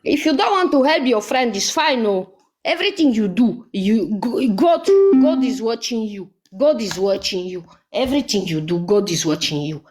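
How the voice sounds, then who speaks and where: A woman's voice: on the high side, animated, normal speed, a little mellow, faint music behind. A woman ranting angrily in a vlog, scolding someone with repeated insults and accusations. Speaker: vlogger. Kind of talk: angry live vlog rant.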